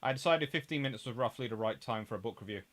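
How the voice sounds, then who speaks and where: A man's voice: medium pitch, racing, fairly bright tone. A middle-aged man from England, hosting a rambling live-stream chat and answering viewer comments. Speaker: host.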